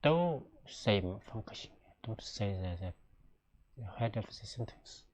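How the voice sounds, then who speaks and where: A middle-aged man with a Chinese accent, a native Chinese speaker teaching a casual language lesson in halting English with many fillers and restarts. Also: lowish voice, lively intonation, darkish tone, slight background noise.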